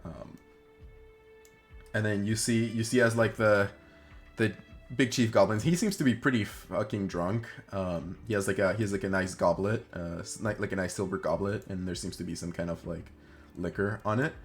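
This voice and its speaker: A man's voice: on the low side, steady tone, moderate pace, soft background music. A young man narrating a tabletop game as game master, rambling with many fillers.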